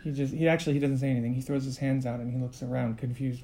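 A man's voice: medium pitch, flat delivery, racing, mellow, a little hiss or hum. A man acting as game master, narrating a tabletop role-play game in a casual, loose way.

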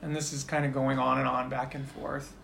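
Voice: mid-range voice, fairly quick, gravelly, slight background noise. Laid-back tabletop game master. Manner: relaxed, filler-heavy narration.

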